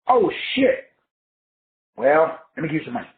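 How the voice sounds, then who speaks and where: 60s man preaching casually, high lively voice, cussing, tinny audio in an echoey room. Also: moderate pace, gravelly. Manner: profane, animated, preachy. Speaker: spiritual teacher.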